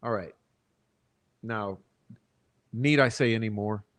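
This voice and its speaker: A man hosting true-crime commentary, reading out trial testimony and arguing emphatically, often asking "okay?" and "right?" to press his point. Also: on the low side. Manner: emphatic, rhetorical, seeks agreement with repeated "okay?" and "right?"; deliberate, stretches key words for emphasis. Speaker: channel host and commentator.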